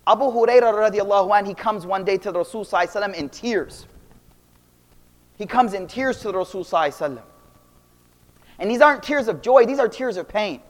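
A young man giving a casual, animated Islamic talk full of slang, swinging between loud and quiet. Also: high voice, quick pace, long pauses. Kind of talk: casual storytelling lecture. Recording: long reverb of a hall.

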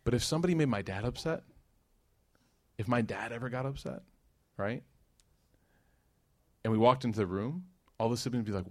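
Male preacher, middle voice, lively sermon delivery, dry close recording. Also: mid-range voice, no room sound. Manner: lively storytelling with a quick rhythm, dropping into hushed asides. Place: talk to a live audience.

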